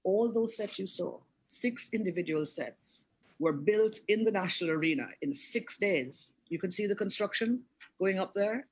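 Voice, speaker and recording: A woman's voice: mid-range voice, expressive, normal speed, husky, poor audio. A Jamaican woman in her sixties, an art director telling stories on a webinar video call in a chatty way, often restarting her sentences. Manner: chatty storytelling with frequent restarts. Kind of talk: anecdotal webinar talk.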